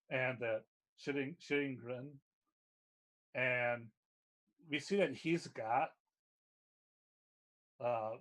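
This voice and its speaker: Male game master, unhurried scene narration, mid-pitch voice. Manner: unhurried descriptive narration with fillers.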